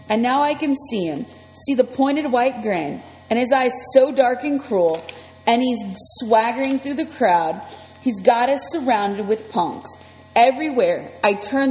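A woman's voice: a little high, expressive, unhurried, darkish tone. Woman reading a story aloud, reverb-heavy. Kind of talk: first-person story reading. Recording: long reverb, faint music.

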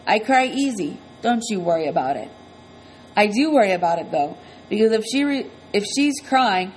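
Lady reading an audiobook as a kid, earnest and chatty, middle pitch. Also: slight background noise, rough recording. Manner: earnest, conversational storytelling. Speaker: audiobook narrator. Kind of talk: first-person audiobook narration.

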